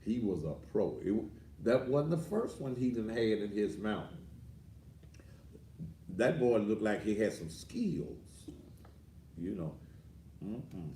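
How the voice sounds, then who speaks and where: A man hosting a ranting commentary show, boisterous and rambling with sudden loud outbursts, heard on a distant mic. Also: fairly low pitch, sing-song, takes it slowly, long pauses, echoey room, a little hiss or hum. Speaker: host.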